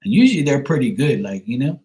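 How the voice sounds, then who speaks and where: A man hosting a live tarot stream, chatting casually and telling a rambling, animated story, full of "you know" and "like". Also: mid-range voice, quick pace, rough recording.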